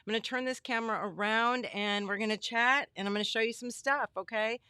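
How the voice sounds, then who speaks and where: A middle-aged woman hosting a casual craft livestream from her home studio, bubbly and chatty as she greets viewers by name, her voice a bit worn and hoarse. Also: on the high side, a little fast, pushed and bright, no room sound. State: losing her voice. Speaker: livestream host.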